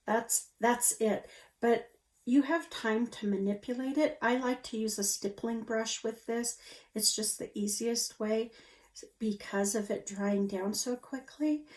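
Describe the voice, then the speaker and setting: A woman's voice: fairly high pitch, a little mellow. A woman reviewing her favorite makeup in a casual, gushing way, lingering on her words and sounding a little out of breath. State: slightly out of breath. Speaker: beauty vlogger.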